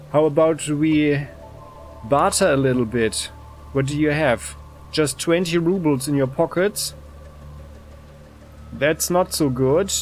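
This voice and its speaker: Relaxed male let's play host. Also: fairly high pitch. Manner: relaxed, unhurried, reads game text aloud. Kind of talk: casual gameplay commentary.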